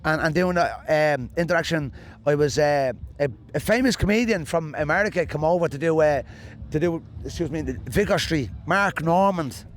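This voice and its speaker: An Irishman with a Dublin accent and a slightly high voice rambles through lively, jokey stories, like a stand-up comic in an interview, casual and quick to land punchlines. There's a faint hiss or hum.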